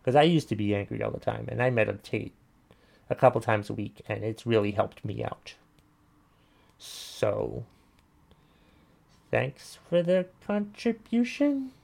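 A man's voice: fairly low pitch, fairly even intonation, fairly quick, gravelly, darkish tone. A man hosting a casual commentary show, ranting bluntly and swearing while he reacts to listener messages. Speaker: podcast host reading listener messages.

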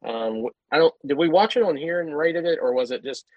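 A man's voice: on the high side, expressive, quick pace, dull audio, a little hiss or hum. A man co-hosting a casual film-review chat, giving blunt verdicts between hesitant fillers. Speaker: podcast co-host.

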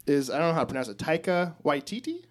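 A fairly high-voiced man cohosts a podcast taped live before an audience in a comic shop. His talk is loose, excitable banter peppered with swearing. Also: quick pace. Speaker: podcast co-host.

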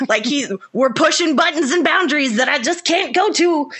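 A woman with a Southern US accent co-hosting a podcast in giggly, animated, casual chat. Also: high-pitched, moderate pace, few pauses. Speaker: podcast co-host.

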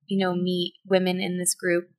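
A woman's voice: monotone, normal speed. A woman in her thirties hosting a conversational podcast interview. She talks in loose run-on sentences full of "like", and her voice leaps upward whenever she quotes herself. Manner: chatty, lots of "like", pitch jumps when quoting herself. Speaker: podcast host.

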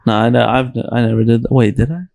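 A man's voice: mid-range voice, little pitch movement, fast, creaky, a little mellow. A young man in casual podcast chat, telling loose stories with lots of swearing. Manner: loose storytelling, swears a lot.

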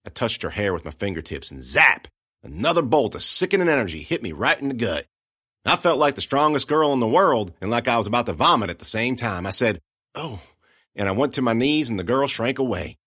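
A man narrating a first-person audiobook in a folksy, conversational way, going hushed at grim moments. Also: mid-range voice, sing-song, brisk, no room sound, studio quality.

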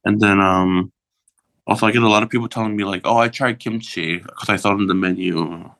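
A man in his thirties from Michigan, a drag performer chatting as a podcast guest, relaxed with many ums and laughs. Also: on the low side, fairly quick. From Michigan, USA. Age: 30s. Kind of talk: casual podcast chat.

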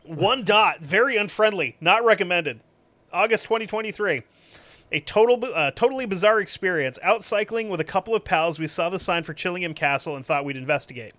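A man with a somewhat high voice reads reviews aloud and cuts in with sarcastic, profane, deadpan asides. The sound is dry and close, with no room around it. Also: a little fast, dry recording. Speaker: podcast host. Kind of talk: reading reviews aloud with comic commentary.

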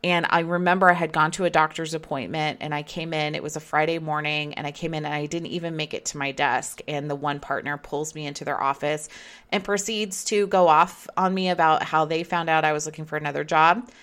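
A woman in her thirties casually telling a personal story, chatty and animated, acting out what people said. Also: low-pitched, fairly quick. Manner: chatty, animated retelling with acted-out quotes. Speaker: storyteller recounting her career. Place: Las Vegas area.

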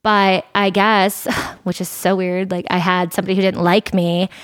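A woman's voice: medium pitch, little pitch movement, moderate pace, clear, resonant tone. Chatty woman in her thirties. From Ohio. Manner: chatty, laughing storyteller. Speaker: podcast guest, server. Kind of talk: casual chat.

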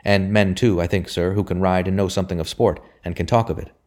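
A man's voice: sits low, fairly even intonation, fast, darkish tone, close to an everyday voice. A man reading the lines of a shrewd, loyal male servant in a historical novel audiobook, solemn and respectful.

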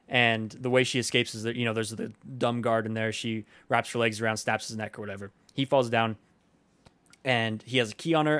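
Co-host: man, mid pitch, rambling and hesitant, dry close sound. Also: a bit bright, no echo. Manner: rambling, hesitant, many fillers. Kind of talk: casual movie discussion.

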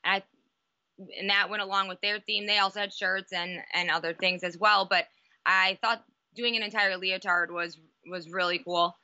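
A woman's voice: mid-range voice, fairly even intonation, moderate pace, bright, forceful tone, dry recording, dull audio. A woman co-hosting a podcast, chatting casually and enthusiastically about college gymnastics. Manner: enthusiastic, gushing. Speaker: podcast co-host.

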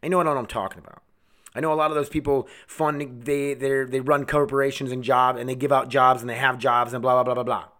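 A man hosting a solo podcast, ranting angrily with constant swearing, swinging between shouted outbursts and low mutters. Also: flat delivery, brisk. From United States. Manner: angry, swearing constantly, heated. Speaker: podcast host.

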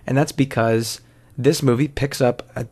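A man's voice: mid-range voice, fairly even intonation, normal speed, a little mellow. A man giving casual, rambling commentary while watching an old film, often correcting himself and swearing offhand.

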